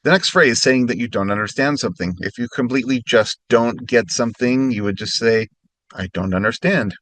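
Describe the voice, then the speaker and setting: A man teaching a recorded language lesson, giving clear instructions and slowing right down when he models practice phrases. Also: mid-range voice, fairly bright tone, no echo.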